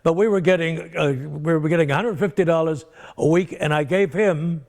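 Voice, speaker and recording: An older comedian, interviewed, tells meandering stories about his career and acts out the characters in them. His voice is fairly high and a bit creaky with a slight mellowness, and he talks at a moderate pace.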